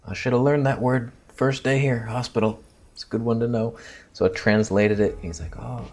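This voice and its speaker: A young man casually telling a story to camera, crude and joking, dropping into quiet theatrical asides. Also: mid-range voice, steady tone, normal speed. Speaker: vlogger.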